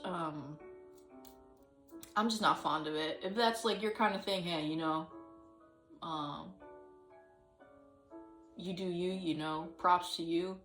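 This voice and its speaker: A woman talks slowly and a little low, rambling through her thoughts with constant fillers and restarts. She sounds set back from the mic in a roomy, echoing space. Faint music plays underneath. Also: a bit bright, distant mic. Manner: rambling, hesitant, many fillers, sudden sung and acted bits. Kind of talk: casual solo vlog chat.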